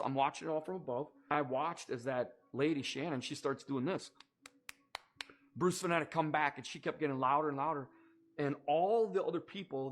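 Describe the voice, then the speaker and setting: A man giving an earnest personal testimony, speaking in a measured way and pausing to search for words. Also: fairly high pitch. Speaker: storyteller recounting a personal near-death experience.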